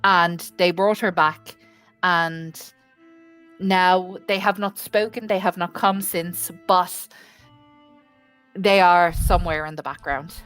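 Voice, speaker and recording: A woman playing in a tabletop role-play, chatty and quick to giggle. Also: fairly low pitch, fairly even intonation, fairly bright tone, soft background music. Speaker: player.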